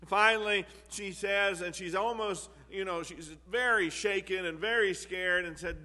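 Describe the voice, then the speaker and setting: A man's voice: high voice, measured pace, hardly any pauses, bright, forceful tone, in a large hall. A man preaching a sermon in an earnest way, repeating key phrases for emphasis.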